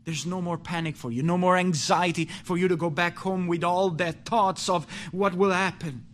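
Bright, high-voiced impassioned preacher man. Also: fairly even intonation, moderate pace, slight background noise. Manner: impassioned, swings from pleading loud to low and hushed; repeats and restarts words. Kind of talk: sermon.

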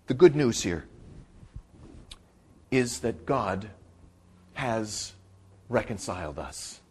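A man preaching a sermon. He swings from loud, emphatic bursts to quiet asides and repeats his key phrases for weight. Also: on the low side, big pitch swings, extremely slow, breathy edge. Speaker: pastor.

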